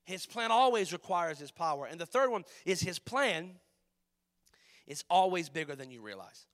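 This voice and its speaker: A man preaching a sermon as pastor, passionate, swinging between loud emphatic lines and hushed ones. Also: sits high, sing-song, normal speed.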